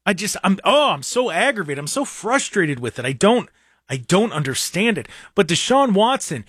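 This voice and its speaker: A man's voice: sits high, very animated, normal speed, a bit bright, breathy edge, no room sound, clean studio sound. A man hosting a talk show, delivering a heated, exasperated rant with frequent stammering restarts and mocking jabs.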